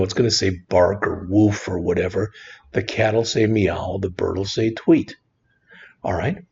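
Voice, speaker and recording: Gravelly, husky man teaching code. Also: fairly low pitch, dull audio. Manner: relaxed, conversational, frequent "all right". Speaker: programming instructor. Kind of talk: screen-recorded coding lesson.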